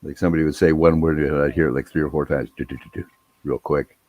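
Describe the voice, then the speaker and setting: A man's voice: extremely low pitch, steady tone, fast, muffled recording. A man telling a rambling, profane story in a laid-back casual chat.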